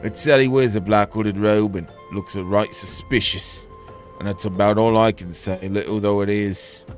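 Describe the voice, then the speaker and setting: A secretive male merchant in a game gossips in a low, hushed voice with a put-on accent, as a man puts him on. The voice sits below the performer's own pitch, with faint music behind. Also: fairly even intonation, normal speed, lightly acted.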